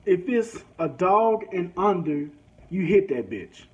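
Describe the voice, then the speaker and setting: A man's voice: high voice, takes it slowly. A man from a rural country town telling a crude, swearing rant while driving. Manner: crude, animated, swears freely. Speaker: vlogger. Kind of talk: profane storytelling rant. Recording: dull lo-fi sound, faint noise.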